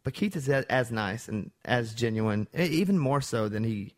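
A man's voice: mid-range voice, expressive, moderate pace. Casual, joking male interview host. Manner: conversational, jokey, hedging with "like".

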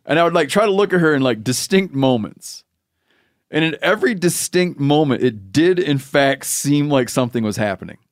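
A man's voice: fairly high pitch, expressive, normal speed, dry recording, clean studio sound. A man hosting a podcast, telling a rambling, playful story in casual chat. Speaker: podcast host.

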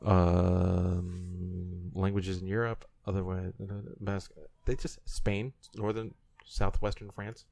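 A man in his thirties with a fairly low voice, trading playful teasing banter as co-host of a casual podcast. The sound is close and dry, with no room around it. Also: little pitch movement, slow pace, creaky, a little mellow, no echo. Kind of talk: casual chat.

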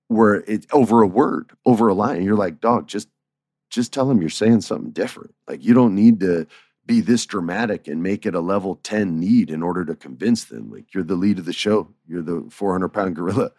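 A man in his forties with a lowish voice tells backstage stories in a loose, laid-back way. He chuckles often and jumps his pitch way up when he acts out other people's lines. The sound is close and dry. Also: darkish tone, no echo. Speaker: former writer telling stories. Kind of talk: casual storytelling chat.

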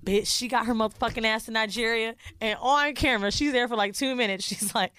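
Woman podcast co-host, casual storytelling, profane, animated, high-ish pitch, dry close sound. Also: a little fast, hardly any pauses, clear, resonant tone, no room sound. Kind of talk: casual chat, retelling a reality show.

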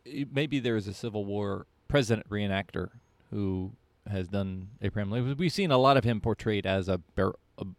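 A man's voice: lowish voice, moderate pace, hardly any pauses, dry recording. A man co-hosting a podcast, chatting easily and chiming in often. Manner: easygoing, lots of yeahs and short laughs. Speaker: podcast co-host. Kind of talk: casual chat.

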